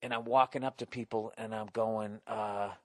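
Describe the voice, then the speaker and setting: A man's voice: fairly low pitch, fairly even intonation, moderate pace, no echo, clean studio sound. A man hosting a podcast, telling a story in a casual, rambling, profane way, with a Boston accent and a self-mocking edge. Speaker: podcast host.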